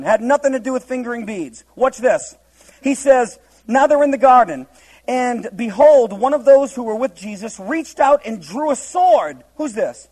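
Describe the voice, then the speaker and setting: A man's voice: very high voice, animated, normal speed, a little mellow, poor audio. A man preaching a humorous verse-by-verse Bible teaching, laughing often and acting out the scenes in different voices.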